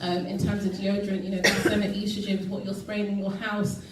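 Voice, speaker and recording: A woman's voice: mid-range voice, flat delivery, a little fast, heavy background noise. A woman giving a health talk to an audience at an event, earnest and full of ums and restarts. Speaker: guest speaker. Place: event hall. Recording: echoey hall recorded from far off.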